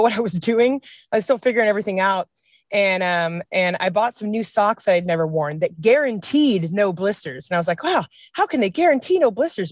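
A woman from Washington state, a comedy writer and podcast guest, telling wild trail stories in a casual, animated way, laughing often and acting out quotes. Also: medium pitch, no echo, studio quality. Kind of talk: casual storytelling chat.

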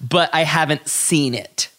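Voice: medium pitch, unhurried, a bit bright. A podcast host in casual chat, giggly and self-mocking, often breaking into laughter.

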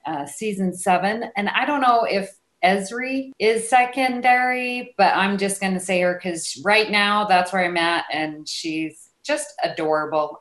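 A woman's voice: medium pitch, fairly bright tone. A woman hosting a casual podcast chat, leading the questions and laughing often. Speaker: podcast host. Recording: roomy echo.

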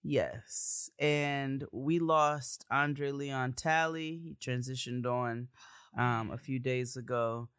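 A woman co-hosting a podcast in casual chat, animated and quick to laugh, often repeating her phrases. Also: a bass voice, clear, resonant tone, no room sound, clean studio sound. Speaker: podcast co-host.

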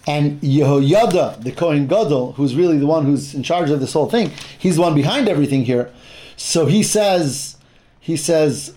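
Pria pengajar dengan suara agak tinggi. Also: male voice, on the high side, animated, a little mellow. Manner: halting, restarts phrases, mixes in Hebrew terms. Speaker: Bible teacher. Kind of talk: explanatory Torah class.

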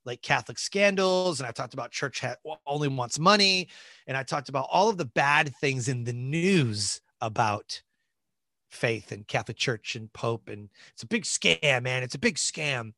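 Middle-aged male guest, animated storyteller, bright voice, dry recording. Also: mid-range voice, no echo. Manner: animated, laughs and quotes people in lively voices. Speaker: podcast guest. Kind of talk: storytelling in a casual interview.

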